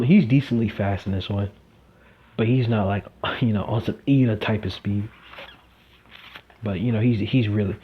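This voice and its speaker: A man's voice: on the low side, slight background noise. A young man telling a fan-fiction story casually, rambling with lots of fillers, in a dull lo-fi recording.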